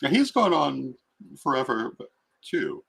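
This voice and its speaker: Gravelly, lively-voiced middle-aged man. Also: medium pitch, slow. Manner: reflective, storytelling. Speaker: guest. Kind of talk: casual chat.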